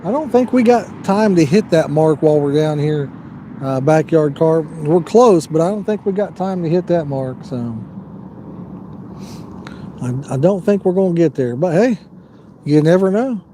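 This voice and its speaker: A man with a slightly high, mellow voice chats casually through a live fishing stream, drifting from story to story. He talks outdoors at the water's edge with a faint hum of background noise, and reads viewer comments aloud in an easygoing way. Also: expressive, normal speed. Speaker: fishing livestream host.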